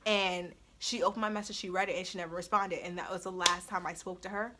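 A woman's voice: on the low side, fairly even intonation, quick pace, very noisy. A young woman telling a story on her vlog in a blunt, profane way, with frequent laughs. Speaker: storytime vlogger. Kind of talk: casual storytelling.

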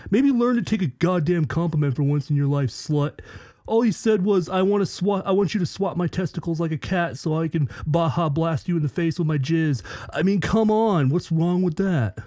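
A man doing an impression of a deadpan, sardonic male internet commentator with a dry, sarcastic drawl. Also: on the high side, moderate pace, no room sound, close to an everyday voice.

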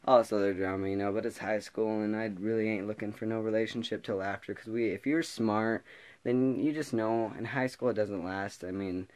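A teenage boy vlogger telling a rambling high school story, laughing often as he goes. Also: a little fast. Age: teens. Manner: rambling, laughing, animated retelling. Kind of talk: casual storytelling vlog.

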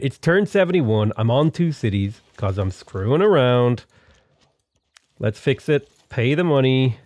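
A man's voice: mid-range voice, dry recording. A young man commenting casually on a strategy game he is playing, joking and getting exasperated. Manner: animated, exasperated, jokey. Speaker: gaming YouTuber.

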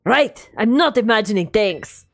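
A cheerful teenage boy voiced by a woman speaking in a thick put-on Russian accent, gushing with affection and exclamations over his sick dog. His voice bounces up and down with excitement. He sounds like a video game character read aloud by a streamer. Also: a little high, a little slow. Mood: doting.

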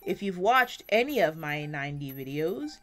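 A woman giving casual, rambling commentary while playing a video game, self-deprecating and swearing often, swinging between quiet and loud, on a close desk mic. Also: low-pitched, big pitch swings, moderate pace. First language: English. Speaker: gaming YouTuber.

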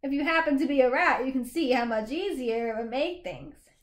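A woman's voice: high voice, fairly quick, roomy sound, natural voice. A woman doing a precise, cheerful little boy. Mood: explaining. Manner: matter-of-fact, explaining.

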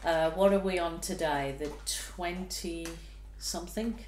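A woman painter from Australia, gushing with exclamations as she chats casually to her viewers while painting. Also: fairly low pitch. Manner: gushing, exclamatory, drawn-out delight. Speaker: fluid art painter. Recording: echoey room.

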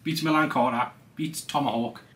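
A man's voice: medium pitch, steady tone, moderate pace, a bit bright. A man in his twenties with a Geordie accent, chatting casually and enthusiastically alongside his partner, often saying "aye". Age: 20s. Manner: enthusiastic, drops in "aye" a lot. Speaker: vlogger's partner. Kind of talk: casual chat.

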